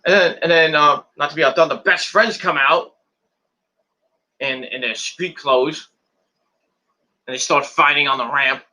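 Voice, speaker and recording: A man's voice: fairly high pitch, steady tone, measured pace, pauses often, bright, forceful tone. A man casually recapping a wrestling match move by move, rambling and repeating words as he goes. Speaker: wrestling show reviewer.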